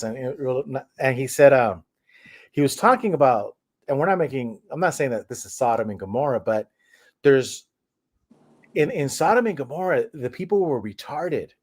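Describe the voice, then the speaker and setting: A man's voice: medium pitch, expressive, moderate pace. A man hosting a streamed talk show, talking in a rambling way with frequent restarts. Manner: rambling, with many restarts and fillers. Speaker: host. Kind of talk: casual discussion.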